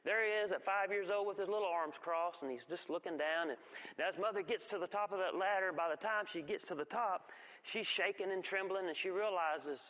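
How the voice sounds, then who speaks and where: A man giving a folksy church testimony, telling stories with halting restarts. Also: high voice, fairly bright tone. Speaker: guest speaker giving testimony. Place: church sanctuary. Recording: long reverb of a church hall.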